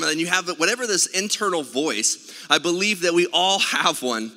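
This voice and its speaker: Male pastor, sermon, chatty storytelling with fillers, very bright tone, slightly high voice, church hall reverb. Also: moderate pace. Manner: conversational storytelling, many filler sounds. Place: church sanctuary.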